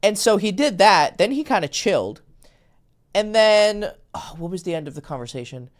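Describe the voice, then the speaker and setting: Lively, animated man coaching on dating. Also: high voice, normal speed. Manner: animated storytelling, acts out quoted texts; blunt, swears casually. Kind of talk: casual podcast conversation.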